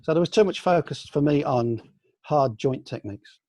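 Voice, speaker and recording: An older man from the UK, a senior aikido teacher, reminiscing in a relaxed online question-and-answer session, with many ums and restarts. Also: on the high side, normal speed, dry recording. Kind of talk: casual online Q&A. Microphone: video call.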